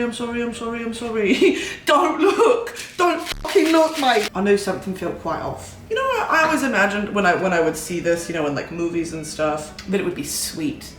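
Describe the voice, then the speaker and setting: A woman's voice: medium pitch, a bit bright. A young woman chatting through a cooking vlog in an exaggerated mock English accent, cheeky and a little profane, giggling at herself. Her voice carries the echo of a roomy home kitchen, picked up by a mic set back from her. A faint hiss of ambience sits underneath. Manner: giggly, self-mocking asides. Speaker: host. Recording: echoey room, mic at a distance.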